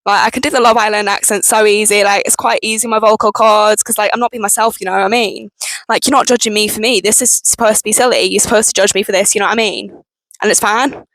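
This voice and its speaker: A young woman with a strained, tense voice, talking candidly and with plenty of swearing to camera, with halting restarts. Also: mid-range voice, steady tone, fairly bright tone, no room sound, poor audio. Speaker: vlogger. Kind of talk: candid personal talk to camera.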